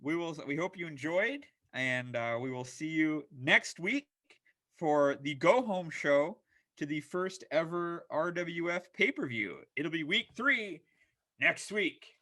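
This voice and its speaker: A man hosting a fantasy wrestling show, narrating the matches play-by-play with energy that rises to shouts at big moments. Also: fairly high pitch, animated, slow pace.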